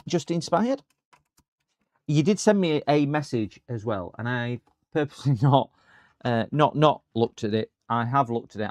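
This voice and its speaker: A man's voice: fairly low pitch, no echo. Chatty man narrating a repair. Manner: rambling, chatty, talks to viewers while working. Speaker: repair channel host. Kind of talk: live-streamed repair commentary. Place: repair workshop.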